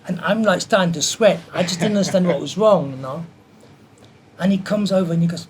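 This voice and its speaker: A man telling a lively anecdote from his film career in an interview, acting out the quoted voices as he goes. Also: sits high, fast talker, a little hiss or hum. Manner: animated anecdote teller who acts out quotes. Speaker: martial artist and film stunt performer. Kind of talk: storytelling in an interview.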